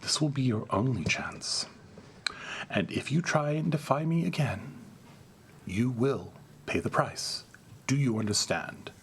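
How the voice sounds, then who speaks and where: A man plays a menacing vampire prince in a tabletop role-play game. The voice is low and slow, every measured word quietly threatening. It sits at an ordinary pitch for a man and keeps a calm, controlled edge. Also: slight background noise. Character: cold, menacing vampire prince, adult male.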